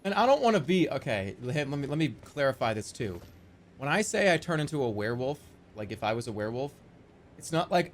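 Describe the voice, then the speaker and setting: Animated rambling man in his forties. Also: mid-range voice, brisk. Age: 40s. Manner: animated, rambling arguer with frequent fillers and swearing. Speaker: live streamer. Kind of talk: casual stream chat.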